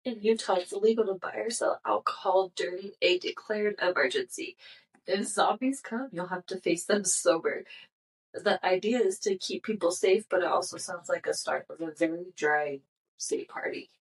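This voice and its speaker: A woman's voice: fairly low pitch, normal speed, recorded from a distance, poor audio. A woman co-hosting a casual podcast, reading out strange laws with joking asides. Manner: reads facts aloud with joking asides. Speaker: podcast co-host.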